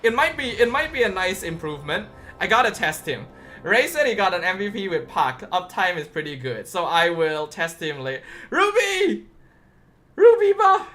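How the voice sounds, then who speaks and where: Excitable streamer with a lively, bright voice. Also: mid-range voice, fairly quick. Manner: excitable, bursts into loud exclamations. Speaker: game streamer. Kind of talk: live patch note review.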